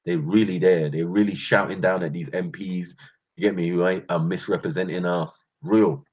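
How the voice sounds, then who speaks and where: A man's voice: low-pitched, steady tone, moderate pace, darkish tone, breathy edge, muffled recording. A man with a London accent hosting his channel, delivering a passionate rant full of street slang and calling his listeners bruv and fam. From England. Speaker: channel host.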